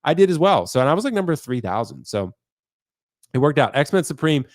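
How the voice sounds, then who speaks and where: A man hosting a casual collectors' chat, excited and chatty, sounding congested from a cold. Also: a little high, a little fast, dry recording, studio quality. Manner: excited, chatty, says dude a lot. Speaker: host.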